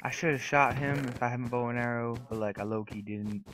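A young man giving casual, excitable gameplay commentary, trash-talking opponents and swearing often. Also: medium pitch, brisk. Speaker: gaming YouTuber. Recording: noisy recording with mouse and keyboard clicks.

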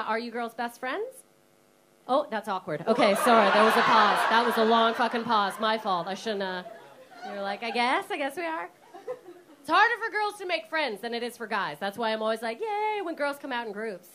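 Brash high-voiced woman comic. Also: a bit bright, a little hiss or hum. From Canada. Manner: brash, sweary, teasing the audience. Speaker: stand-up comedian. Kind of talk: stand-up comedy with crowd work. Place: comedy club stage with audience laughter.

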